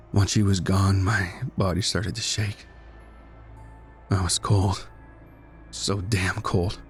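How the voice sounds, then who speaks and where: A man narrating a first-person horror story in a measured, tense, brooding way. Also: sits low. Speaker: guest narrator.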